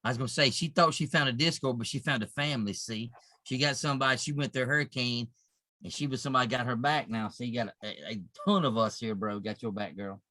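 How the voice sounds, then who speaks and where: A man's voice: medium pitch, fairly even intonation, fast talker, pushed and bright, dry recording. A man on a group call, speaking supportively. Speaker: community member. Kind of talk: casual call.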